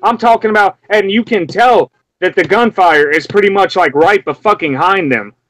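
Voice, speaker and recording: A young man from Memphis ranting in a casual, profane way, breaking into high mocking yelps as he acts out what he heard. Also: moderate pace, a bit bright, no room sound, soft background music, poor audio. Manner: heated, profane, mimics screams in sudden high yelps.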